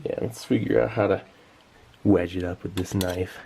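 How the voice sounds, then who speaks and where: A man's voice: deep voice, fairly even intonation, moderate pace, vocal fry, mellow, slight background noise. A man giving casual, enthusiastic commentary while tasting old rations, sometimes talking with his mouth full. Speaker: food tasting vlogger.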